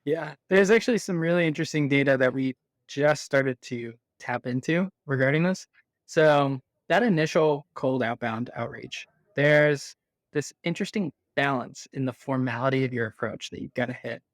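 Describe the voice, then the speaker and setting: A man being interviewed, explaining his ideas in an animated, conversational way and laughing easily. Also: mid-range voice, moderate pace, no echo. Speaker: interview guest.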